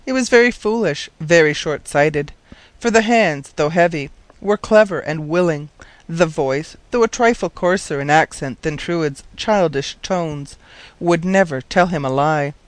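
This is a man narrating a storybook as an audiobook, scripted and delivered in a measured, dryly humorous way. His voice sits a little higher than most men's, captured close and dry without any room sound.

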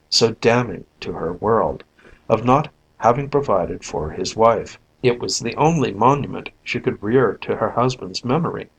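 A man narrating a story in an even, measured audiobook reading. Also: fairly low pitch, breathy edge, low-quality recording. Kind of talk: scripted narration.

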